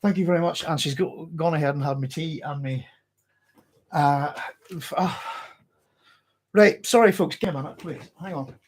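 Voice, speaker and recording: A Northern Irish man with a fairly high voice hosts a live book club stream, speaking at a moderate pace with frequent pauses. He chats casually, apologizes a lot, and keeps interrupting himself, sounding slightly out of breath.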